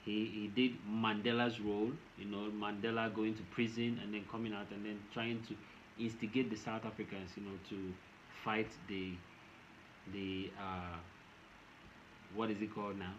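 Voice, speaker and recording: A man's voice: lowish voice, level tone, normal speed. A Nigerian man giving casual commentary to camera, rambling and often repeating and restarting his phrases. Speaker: vlogger. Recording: dull lo-fi with faint noise.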